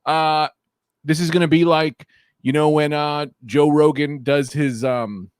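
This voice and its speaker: A man's voice: on the high side, fairly even intonation, unhurried, clear, resonant tone, no echo, clean studio sound. Hyped, profane male podcast host. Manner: loud, profane and hyped, swinging between shouts and mumbles. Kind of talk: casual podcast chat.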